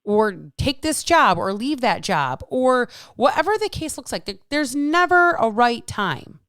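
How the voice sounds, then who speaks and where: A woman's voice: on the high side, very animated, measured pace, a bit bright, smooth, dry recording, studio quality. A woman in her thirties, a fitness coach hosting her own podcast, ranting bluntly and with lots of swearing, exasperated. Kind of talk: solo podcast rant.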